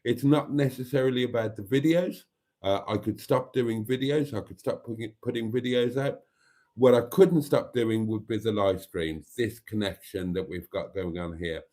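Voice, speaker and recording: A man's voice: lowish voice, moderate pace, warm tone. A man hosting a casual live stream, rambling and self-mocking and laughing easily.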